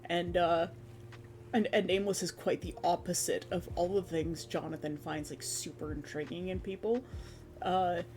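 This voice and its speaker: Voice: mid-range voice, normal speed, a little hiss or hum. Rambling streamer recapping a game. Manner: rambling, animated storytelling that slips into quoted character voices. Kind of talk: casual chat recapping a tabletop game.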